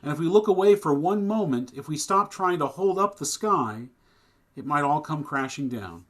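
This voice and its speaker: A rabbi with a slightly high, animated male voice and a fairly bright tone speaks at a moderate pace during a synagogue service streamed online. He gives the announcements in a plain, conversational way, then moves into a sermon that grows increasingly passionate.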